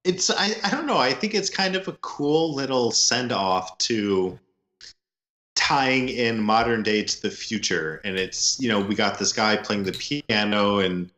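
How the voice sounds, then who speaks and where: Joking male co-host, lower voice with a sharp edge, roomy echo. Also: measured pace. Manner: loose, joking, lots of fillers. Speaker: podcast co-host. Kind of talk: casual movie review chat.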